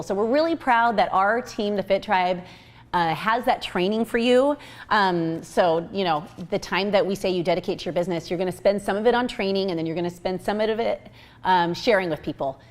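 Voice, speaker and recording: A woman in her thirties talks in a casual, upbeat way as a team coach pitching the job to newcomers. Her talk is chatty and full of fillers and restarts, at an everyday middle pitch. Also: brisk.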